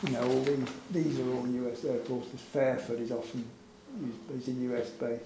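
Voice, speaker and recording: A man invited to speak at a gallery event room talks over slides in a mid-range voice, fairly quick and flat in delivery. Informal and hesitant, he fills gaps with fillers and chuckles wryly. Faint hum and echo surround him.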